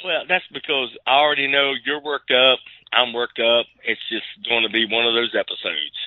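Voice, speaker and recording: A man from Virginia co-hosting a casual podcast, laid-back and quick to laugh. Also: medium pitch. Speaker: podcast co-host. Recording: tinny dry phone-like line.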